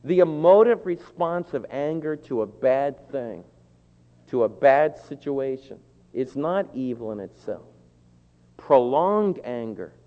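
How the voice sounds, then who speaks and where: A man preaching a sermon, animated, acting out shouted quotes. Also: mid-range voice. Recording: dull lo-fi sound with long hall reverb.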